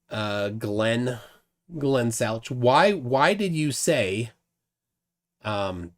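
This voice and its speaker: A man's voice: mid-range voice, expressive. A man hosting a casual livestream, reading viewer comments aloud, often stammering and repeating words. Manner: halting, stammering repeats, chuckles between thoughts. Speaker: livestream host.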